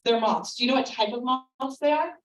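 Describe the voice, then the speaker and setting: A woman's voice: on the high side, a little fast. A woman giving a friendly, chatty talk to a room of parents, with frequent filler ums. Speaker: speaker at a parent presentation. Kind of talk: informal lecture. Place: meeting room with a live audience. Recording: echoey room, voice from far off.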